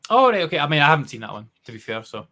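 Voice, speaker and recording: A man's voice: on the high side, very animated, very fast, pushed and bright. A man co-hosting a podcast, laid-back and mostly giving short replies in casual chat. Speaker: podcast co-host.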